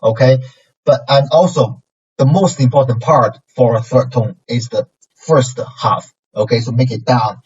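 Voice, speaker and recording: A man's voice: mid-range voice, measured pace, a little mellow, a little hiss or hum. A man with a Chinese accent teaching pronunciation, patiently repeating syllables with exaggerated tones. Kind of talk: pronunciation lesson. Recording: distant, dull lo-fi mic.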